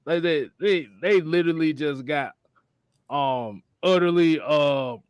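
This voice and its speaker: A man hosting a casual sports talk show, animated and profane, often laughing as he talks. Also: on the high side, unhurried, clear, resonant tone, dry recording. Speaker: podcast host.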